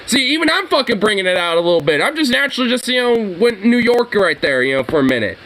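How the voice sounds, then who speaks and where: A man's voice: sits high, very animated, quick pace, bright, forceful tone, low-quality recording. A man on a casual commentary show, rambling and swearing as he riffs with his co-host. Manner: profane, rambling, laughing often. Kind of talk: casual political commentary chat.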